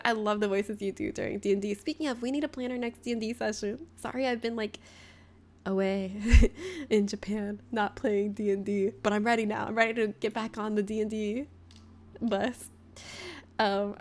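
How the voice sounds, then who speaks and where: A woman's voice: on the high side, normal speed. A woman from Florida chatting casually with her viewers during a livestream, telling stories and laughing often. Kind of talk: casual chat with viewers during a game stream.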